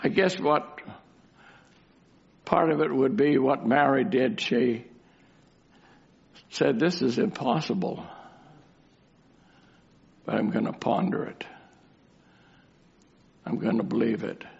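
A man's voice: medium pitch, slow, creaky, pauses often, darkish tone. A man preaching a sermon, asking rhetorical questions and repeating key lines for emphasis. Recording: dull lo-fi recording.

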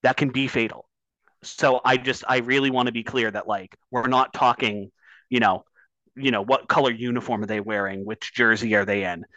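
A man's voice: medium pitch, fairly even intonation, moderate pace, sharp tone, dry recording, dull audio. A man talking sports on a podcast, building up heat and swearing when he gets worked up. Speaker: podcast co-host. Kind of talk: casual sports talk.

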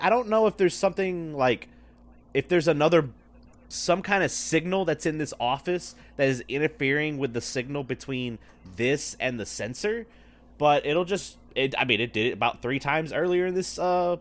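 A man's voice: a little high, moderate pace, a bit bright. A man co-hosting a casual podcast chat on a headset mic in an office, talking loosely with frequent swearing and laughs. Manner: loose and profane, laughs often. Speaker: podcast co-host. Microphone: wireless headset.

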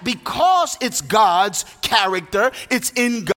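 A man's voice: high-pitched, very animated, slow pace, sharp tone. A man preaching a sermon as pastor, emphatic and half-singing his phrases, recorded in a large church hall. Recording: long hall reverb.

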